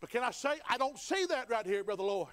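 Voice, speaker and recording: A man's voice: very high-pitched, lively intonation, fast, fairly bright tone, smooth. A man preaching a sermon in a folksy, fervent style, building in intensity. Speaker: pastor.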